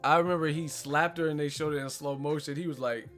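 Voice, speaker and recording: A man's voice: a little high, steady tone, quick pace, fairly bright tone, faint music behind. A man hosting a casual live stream, telling stories animatedly with lots of slang and profanity, often laughing and acting out movie lines. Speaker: host of a live boxing stream.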